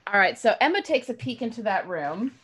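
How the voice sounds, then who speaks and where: A woman's voice: on the high side, sing-song, fairly quick, a bit bright, a little hiss or hum. A woman running a tabletop game on a stream, describing rooms and laughing easily with her players. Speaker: game master.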